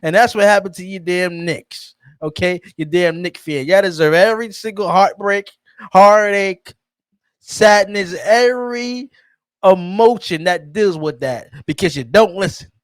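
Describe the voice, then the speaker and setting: A man's voice: high-pitched, unhurried, no echo. A man co-hosting a sports podcast, mocking rival fans and laughing through his lines in casual banter. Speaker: podcast co-host.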